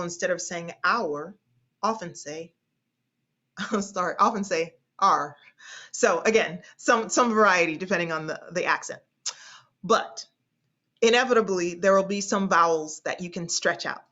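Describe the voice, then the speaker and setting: A female speech instructor runs an online class, often hesitating and slowly drawing out vowels as she demonstrates them. Her voice is lowish, pushed and bright, and her delivery is halting, full of fillers and restarts.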